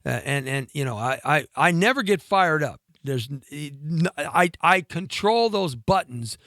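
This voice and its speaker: Animated high-voiced man telling a story. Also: unhurried, no room sound, studio quality. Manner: rambling, many fillers and restarts, acts out quoted voices. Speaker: actor telling a story on a talk show.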